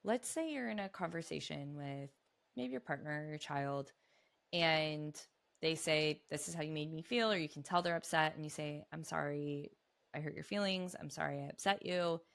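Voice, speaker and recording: A woman's voice: deep voice, moderate pace, gravelly, a bit bright. A woman hosting a podcast interview, a parent asking chatty, open questions. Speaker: podcast host.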